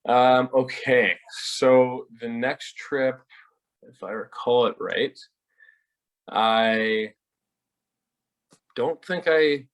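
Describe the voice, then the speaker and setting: Young guy guest on a podcast, mid-pitch voice, thoughtful, kinda halting. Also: a bit bright, poor audio. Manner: reflective, earnest, speaks in halting phrases. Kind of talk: casual conversation.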